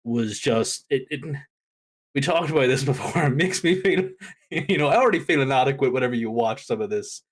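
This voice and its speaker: Animated, rambling man talking wrestling. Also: medium pitch, fairly quick. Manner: animated, rambling, many fillers. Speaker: podcast co-host. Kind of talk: casual wrestling chat.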